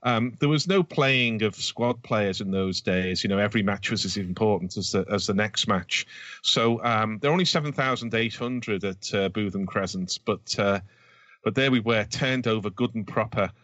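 A low-voiced man chats about old football matches, wandering through his points with plenty of ums and restarts. The recording is dry and a little dull. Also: moderate pace, fairly bright tone, dry recording. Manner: rambling, frequent ums and restarts. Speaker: podcast co-host. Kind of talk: casual football chat.

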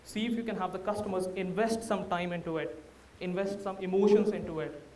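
A man's voice: high voice, steady tone, brisk, a little mellow, echoey room, distant mic, slight background noise. A man with an Indian accent, a startup founder giving a candid, anecdote-filled talk to an audience. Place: large room before a live audience.

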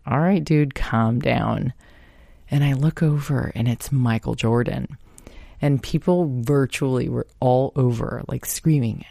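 A woman's voice: a bass voice, gravelly, darkish tone, no echo, clean studio sound. A woman in her thirties hosting a podcast, telling a personal story in a chatty, laughing, casual way. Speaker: podcast host.

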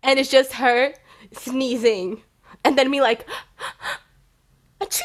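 A woman co-hosting a podcast in casual chat, enthusiastic and quick to agree. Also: high-pitched, fairly even intonation. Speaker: podcast co-host.

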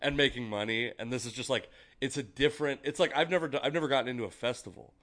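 A man's voice: mid-range voice, fast talker. A man from Seattle, a stand-up comic hosting a podcast, telling stories in casual, profane chat. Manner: profane, animated storytelling.

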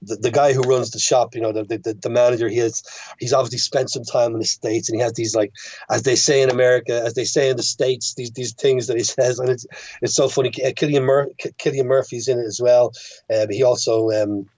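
An Irish man chats casually as a podcast guest, stumbling through restarts and fillers as he gathers his thoughts. His voice sits at a middling pitch. The recording is dry and a little muffled, with a lo-fi dullness. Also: fairly even intonation, a little fast, warm tone, no room sound. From Ireland. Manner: hesitant, many restarts and fillers. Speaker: guest filmmaker.

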